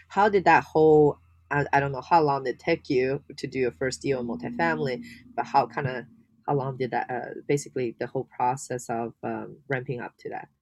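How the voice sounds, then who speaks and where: A man's voice: mid-range voice, dry recording. A man hosting a podcast, asking a rambling, hesitant question. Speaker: podcast host. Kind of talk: interview questions.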